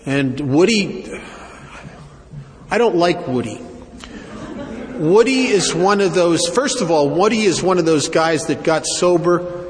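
A man telling a first-person recovery story to an audience in a wry, self-mocking way, with halting restarts. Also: fairly high pitch, expressive. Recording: long hall reverb, faint ambience.

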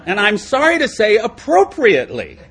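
A middle-aged man giving an animated, self-mocking, humorous talk as speaker at a recovery meeting, laughing often. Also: high-pitched, moderate pace, some chatter behind. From United States.

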